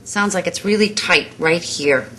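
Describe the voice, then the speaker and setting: A woman's voice: lowish voice, bright, forceful tone, faint music behind. A woman vocal coach giving a lesson, explaining and demonstrating sounds and praising her student in short bursts. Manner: instructive, demonstrates sounds, gives quick praise.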